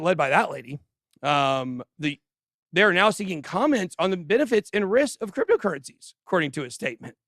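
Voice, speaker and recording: A man hosting a crypto channel livestreams from a studio, offering casual, animated commentary full of jokes and addressed directly to his viewers. His voice is slightly high and gravelly, and the recording sounds dry and close.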